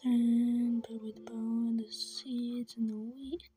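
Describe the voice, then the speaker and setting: Woman doing whispered gameplay commentary, slow and soft, mumbly self-talk, faint music behind. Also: fairly high pitch, level tone.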